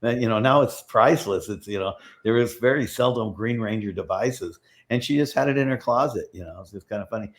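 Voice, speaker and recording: A middle-aged man with a fairly low voice tells backstage stories in a loose, rambling way. He restarts his sentences often and slips into the voices of the people he quotes. The feel is relaxed interview talk. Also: a little fast, few pauses. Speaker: guest, prop master. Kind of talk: casual interview storytelling.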